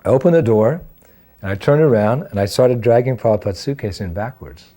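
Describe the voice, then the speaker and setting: A man in his sixties telling a personal story in an animated way, acting out the dialogue as he goes. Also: medium pitch, brisk. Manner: animated storyteller who acts out dialogue and laughs at himself. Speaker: devotee sharing memories of his teacher.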